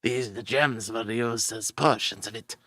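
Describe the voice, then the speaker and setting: A man voicing a gruff older male dwarf runesmith in a tabletop game, blunt and folksy, saying aye and lad. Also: lowish voice, a little slow, pushed and bright, dry recording, studio quality, heavily acted. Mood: explaining. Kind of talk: in-character tabletop role-play.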